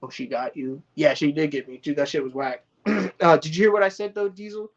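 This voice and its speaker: A man's voice: fairly high pitch, fairly even intonation, brisk, vocal fry, muffled recording. A man chatting casually on a live stream, rambling and swearing, full of slang and restarts. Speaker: cannabis grower streaming to viewers. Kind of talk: casual livestream chat.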